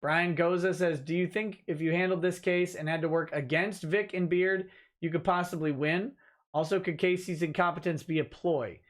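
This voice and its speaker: A man's voice: high-pitched, fairly even intonation, normal speed. A man hosting a casual livestream, reading viewer comments aloud and giving dry, offhand answers as a lawyer. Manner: dry, offhand replies to chat.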